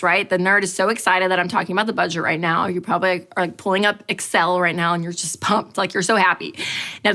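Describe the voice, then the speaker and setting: A woman in her thirties teaching a money course, telling a personal story with lively acted-out quotes. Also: a little high. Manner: animated storyteller, acts out quotes. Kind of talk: storytelling talk to an audience.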